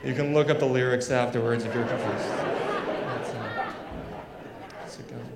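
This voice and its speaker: Stand-up comic in an echoey room. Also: male voice, medium pitch, fairly even intonation, a little slow, a loud crowd, heavy background noise. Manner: conversational, lots of fillers and asides. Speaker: stand-up comedian. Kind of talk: stand-up comedy set.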